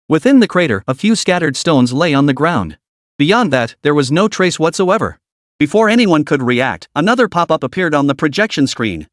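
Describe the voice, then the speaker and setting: A man's voice: fairly high pitch, no echo, studio quality. A man narrating a comic recap with dramatic storytelling.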